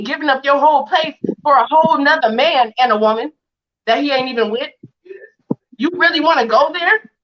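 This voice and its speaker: A fairly high-voiced woman speaks over a video call, defiant and indignant. She fires off question after question at her critics. The stream audio sounds dull and muffled. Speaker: interview guest. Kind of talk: heated livestream interview.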